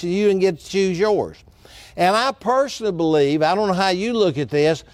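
A middle-aged man delivers a sermon, his voice pitched high for a man. He is earnest and deliberate, slowing down and repeating phrases for weight. The sound is dry and close. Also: dry recording. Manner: earnest preaching, slows down for emphasis and repeats key phrases. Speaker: pastor.

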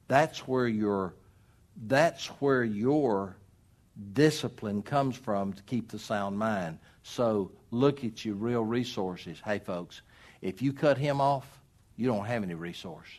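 A middle-aged man preaching a sermon as pastor, swinging between loud emphatic rises and quiet drops. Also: mid-range voice.

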